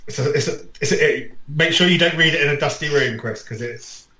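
A man's voice: on the high side, brisk, reverberant, crowd noise, low-quality recording. A man co-hosting a casual football podcast, making dry, wry remarks. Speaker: podcast co-host.

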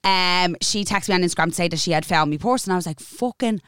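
A woman's voice: lowish voice, fast, clean tone, dry recording, studio quality. A young Irish woman co-hosting a podcast, telling stories with acted-out dialogue. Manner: animated storytelling with acted-out dialogue. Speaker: podcast co-host. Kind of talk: casual chat.

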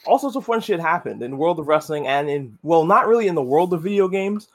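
A man co-hosting a podcast in relaxed casual chat, asking questions and giving brief replies. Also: on the high side, fast. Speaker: podcast co-host.

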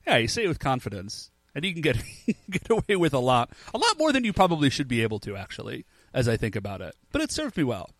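A man's voice: medium pitch, wildly swooping pitch, quick pace, few pauses, dry recording. A young man co-hosting a podcast in casual chat, laid-back and peppering his talk with "like". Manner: laid-back, says "like" often. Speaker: podcast co-host.

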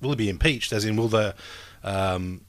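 A man co-hosting a casual chat, an animated storyteller who swears and acts out the people in his stories. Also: lowish voice, normal speed, no room sound.

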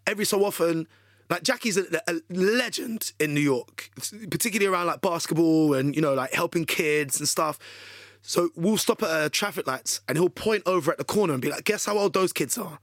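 A man, a radio DJ telling a story as an interview guest in a chatty, animated way full of fillers. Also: fairly high pitch, a little fast, no echo, clean studio sound. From London.

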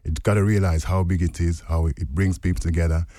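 A man's voice: low voice, steady tone, a little fast, warm tone, no room sound, studio quality. A man, a musician guest on a radio show, telling a laid-back story in casual chat.

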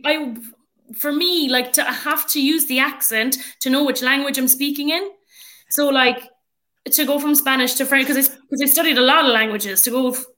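An Irish woman with a bright, forceful voice sitting in on a podcast as a guest. She talks in a loose, chatty way, full of fillers, sitting a touch high in her pitch. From Ireland. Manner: chatty, many fillers, laughs often. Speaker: guest, rugby player and coach. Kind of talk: casual podcast chat.

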